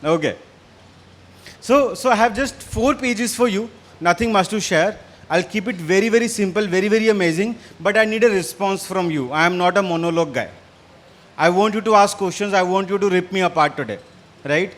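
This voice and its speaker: Indian English man, bright high voice, a bit hoarse, punchy stage speaker who keeps quizzing the room. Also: fairly quick. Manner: energetic, quizzes and challenges the audience. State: slightly hoarse. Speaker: business speaker. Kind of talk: interactive business talk. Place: stage in front of a live audience.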